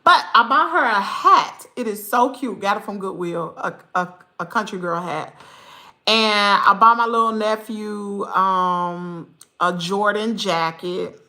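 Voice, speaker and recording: A woman's voice: medium pitch, unhurried, sharp tone. A woman with a Southern American accent, hosting a casual livestream chat and talking to viewers in a chatty, exclamatory way that turns to scolding the chat. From Mississippi, US South. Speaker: channel host.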